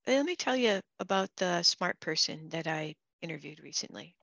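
Chatty woman podcast host, low dry voice. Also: expressive, normal speed, creaky, sharp tone, dry recording, muffled recording. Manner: chatty, laughing, with frequent restarts. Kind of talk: casual interview chat.

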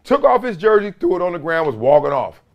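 A man's voice: a little high, sing-song, fast talker, highs cut off. A man in his forties hosting a casual sports talk show, telling stories with slangy, emphatic energy and frequent laughter. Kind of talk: casual sports commentary with storytelling.

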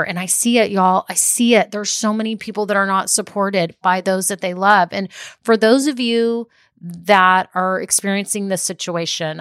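A woman's voice: lowish voice, a bit bright, no room sound, studio quality. A woman who hosts a podcast and coaches small business owners. She talks casually, laughs often and drifts into tangents. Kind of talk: casual solo podcast talk.

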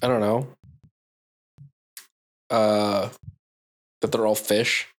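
A man's voice: lowish voice, little pitch movement, very slow. A man joking around in a casual podcast chat, hesitating with ums. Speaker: tabletop game player.

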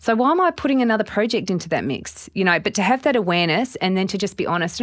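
A woman's voice: medium pitch, fast talker, dry recording, studio quality. A middle-aged Australian woman, a business owner and guest, telling stories in a casual interview and acting out her own thoughts. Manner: animated storytelling with quoted inner voices.

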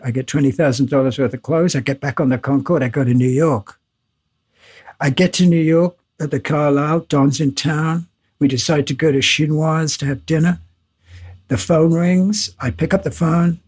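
An older man, a guest in a casual interview, telling animated anecdotes with laughs and swearing. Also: on the high side, normal speed, husky.

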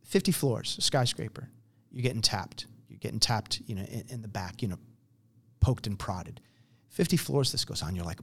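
A man's voice: fairly low pitch, lively intonation, normal speed, slightly rough. A man in a conversational interview, explaining his program earnestly, telling stories and acting out quotes along the way. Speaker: program founder.

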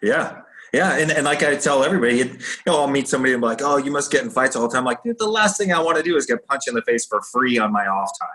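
Bright-voiced man telling fight stories. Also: medium pitch, fast talker, few pauses. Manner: animated storyteller acting out quoted voices. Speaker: guest, former pro fighter. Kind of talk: casual storytelling.

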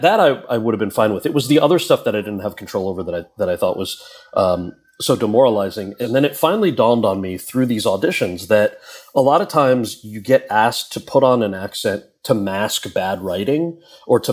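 Animated man telling stories. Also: lowish voice, slightly rough. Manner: animated storyteller, laughs often. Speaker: guest. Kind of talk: casual interview chat.

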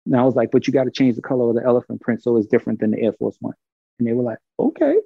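A man from Brooklyn, telling a story in casual, animated talk and acting out the other people's lines. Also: mid-range voice, racing, gravelly, slightly rough, no room sound, phone-quality sound. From Brooklyn, New York. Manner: animated, acts out quoted dialogue, swears freely.

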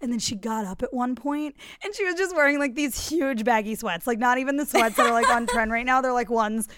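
A young woman hosting a podcast, chatting bubbly and fast with lots of asides. Her voice sits fairly high and comes through smooth and clear, recorded dry and close. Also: fairly bright tone, no room sound. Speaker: podcast host. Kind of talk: casual chat.

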